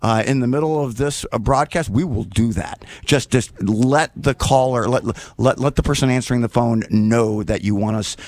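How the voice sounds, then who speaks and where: A man hosting a live radio fundraiser, chatty and excitable, filling his talk with ums and asides, speaking into a studio microphone. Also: medium pitch, normal speed, hardly any pauses. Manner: excitable, chatty, many fillers. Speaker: radio host.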